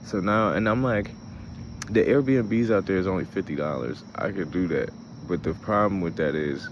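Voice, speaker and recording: A man's voice: low-pitched, noisy background. A young man, hosting a casual travel vlog, rambling and swearing as he talks through his frustration and laughs at it. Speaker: show host.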